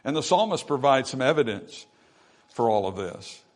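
Guy preaching a sermon, normal pitch, gets loud then goes real quiet, reads old-style scripture. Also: very animated, normal speed. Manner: preaching with swells of volume and soft drops. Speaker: pastor.

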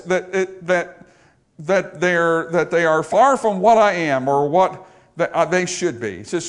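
A male pastor with a somewhat high voice delivers a sermon in church. He rises into loud, pleading calls, then drops to soft, low asides. He keeps drawing the congregation in with questions. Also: animated, measured pace, long pauses. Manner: preaching with big swings between loud high exhortation and quiet low asides.

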